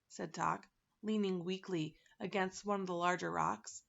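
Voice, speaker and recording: A woman's voice: on the low side, unhurried, creaky, muffled recording. Woman reading a children's book aloud. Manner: relaxed, laughs at her slips. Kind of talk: casual read-aloud narration.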